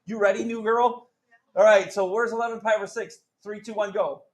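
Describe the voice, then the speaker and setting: A man's voice: high voice, fairly even intonation, fairly quick, rough recording. A man teaching a math class, joking around and quizzing students with countdowns. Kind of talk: classroom lesson.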